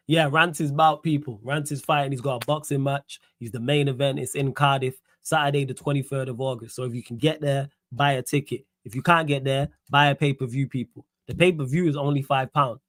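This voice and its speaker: A man's voice: mid-range voice, fairly even intonation, a little fast, fairly bright tone, no room sound. Young male host, casual slangy football talk, dry close mic. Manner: casual, slangy, laughs and riffs while reading comments. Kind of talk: solo football Q&A livestream.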